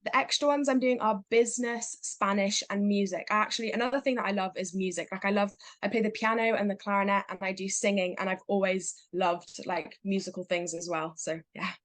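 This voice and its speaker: A woman's voice: mid-range voice, steady tone, brisk, few pauses, fairly bright tone, no echo. A teenage girl chatting as an interview guest about her acting, upbeat and full of fillers, acting out little quotes as she talks. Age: teens. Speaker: guest, young actor. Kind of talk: casual interview chat.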